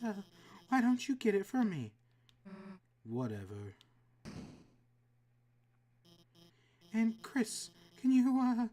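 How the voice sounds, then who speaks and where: A woman's voice: fairly high pitch, dark tone, pitched above the performer's own voice. A woman voicing a timid female lizard teacher who stammers and hesitates. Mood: nervous.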